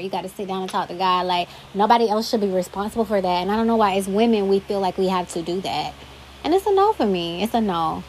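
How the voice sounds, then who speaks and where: A woman's voice: mid-range voice, a little mellow, slight background noise, poor audio. A young adult woman hosting a solo podcast, talking casually with emphatic, exasperated asides. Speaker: podcast host.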